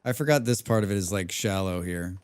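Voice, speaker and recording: A man's voice: low-pitched, a little fast, clear, resonant tone. A man live-streaming a survival game, chatting casually with his viewers and repeating his own phrases. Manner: chatty, talks to himself and chat, repeats phrases.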